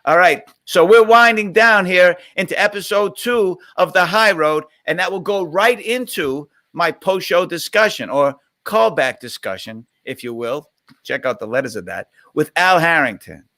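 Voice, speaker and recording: A man's voice: high-pitched, animated, moderate pace, pushed and bright. A middle-aged man from Boston hosting a casual live Q&A stream on a webcam, reading out viewer questions and rambling into stories. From Boston, USA.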